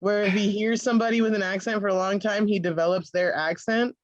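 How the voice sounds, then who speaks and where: A woman's voice: mid-range voice, fairly even intonation, quick pace, dry recording, highs cut off. A woman chatting on a podcast, telling stories easily and laughing, often trailing off. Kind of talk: casual group chat.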